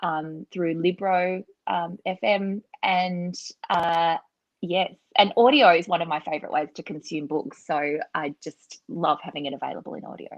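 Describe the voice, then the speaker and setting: A woman's voice: on the low side, steady tone, normal speed, no echo. Chatty Australian woman author, muffled audio. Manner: chatty, reflective. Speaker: author, guest. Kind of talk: interview answers.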